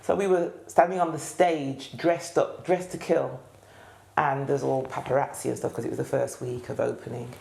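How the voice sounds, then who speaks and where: Brummie lady choir leader telling stories, low gravelly voice, echoey room. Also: moderate pace, slight background noise. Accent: Birmingham. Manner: animated, acts out quoted voices. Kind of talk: storytelling interview.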